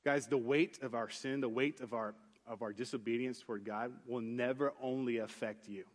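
With a mid-range voice at a moderate pace, a man preaching a sermon tells a story from his own life. He speaks earnestly and conversationally with many restarts, eventually becoming animated and voicing the characters himself.

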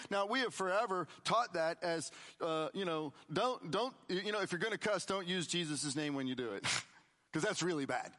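A middle-aged man preaching a conversational sermon, swinging between loud emphatic lines and quiet, low asides. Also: animated, a little fast. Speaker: pastor.

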